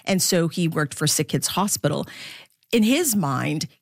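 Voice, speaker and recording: A middle-aged woman who works as a baseball broadcaster, speaking as an interview guest in a lively, laughing, storytelling way. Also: low voice, a little slow, creaky, dry recording, studio quality. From Philippines.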